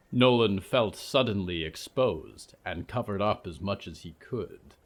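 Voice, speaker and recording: Deep, slow male storyteller. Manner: calm, even storytelling. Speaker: narrator. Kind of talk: scripted fiction narration.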